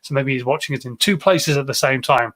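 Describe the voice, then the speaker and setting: A man's voice: medium pitch, brisk, a bit bright. A man hosting a live show, talking casually to viewers and greeting them with frequent filler words. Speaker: host of a live social media show.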